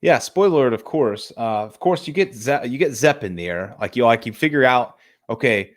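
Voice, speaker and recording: A man co-hosting a casual movie review, excitable, swearing casually and restarting his sentences often. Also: mid-range voice, fairly quick, hardly any pauses. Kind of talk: casual chat.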